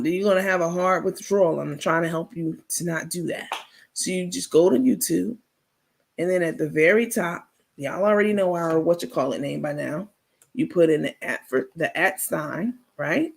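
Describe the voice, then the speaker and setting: A woman's voice: fairly low pitch, gravelly, husky. A woman hosting a casual late-night livestream, sassy and salty, laughing often and answering viewer comments as she goes. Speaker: livestream host.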